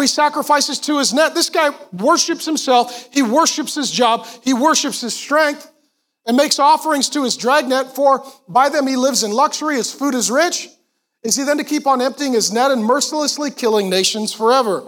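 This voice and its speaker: A pastor preaching a sermon to a congregation in a church, animated and emphatic, with quick asides to the crowd. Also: male voice, extremely high pitch. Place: church auditorium before a congregation.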